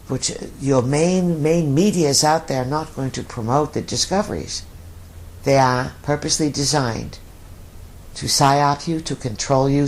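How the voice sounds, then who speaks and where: A man speaking as a collective voice in a channeling session, using emphatic, repeated lists. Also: mid-range voice. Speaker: channeled speaker answering questions.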